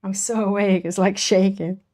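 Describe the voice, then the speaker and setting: A woman's voice: mid-range voice, fairly even intonation, moderate pace, darkish tone. A woman streaming her painting, chatting casually with viewers, laughing often and greeting them as she works. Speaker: artist streaming while painting. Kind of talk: casual livestream chat with viewers.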